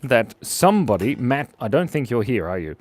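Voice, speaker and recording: A man's voice: mid-range voice, very animated, normal speed. An Australian man hosting a playful live drawing stream for kids, joking with viewers as he draws. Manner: playful, jokey, chatting to viewers while drawing. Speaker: art stream host.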